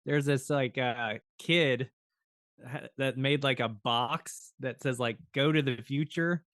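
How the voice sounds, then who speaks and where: A mid-pitched man co-hosts a podcast in a casual chat. He tells stories with energy, acts out the lines he quotes and laughs often. The recording is dry and close-miked. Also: fairly even intonation, slow, a bit bright, no room sound. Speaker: podcast co-host.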